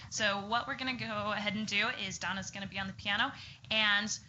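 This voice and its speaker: A woman's voice: mid-range voice, steady tone, fairly quick, pushed and bright. A woman speech therapist leading a group through exercises, giving encouraging step-by-step instructions. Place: group therapy session room. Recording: muffled lo-fi with faint noise.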